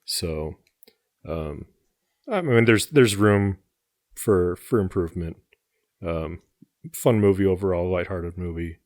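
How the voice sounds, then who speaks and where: Deep-voiced man, filler-heavy chat. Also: slow, long pauses, darkish tone, dry recording, studio quality. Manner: filler-heavy, lots of "like" and "you know". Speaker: podcast co-host. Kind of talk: casual movie-review chat.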